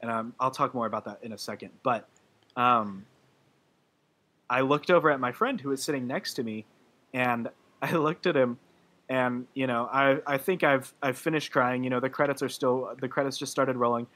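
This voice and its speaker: A man's voice: mid-range voice, moderate pace, sharp tone. Emotional man on a movie podcast. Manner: emotional, laughing often. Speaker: podcast co-host. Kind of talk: casual chat.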